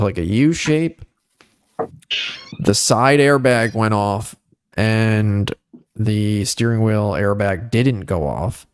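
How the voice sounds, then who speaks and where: Animated man telling a story, dry sound. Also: dry recording. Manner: animated storyteller, rising pitch on dramatic moments. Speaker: podcast host. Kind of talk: casual storytelling chat.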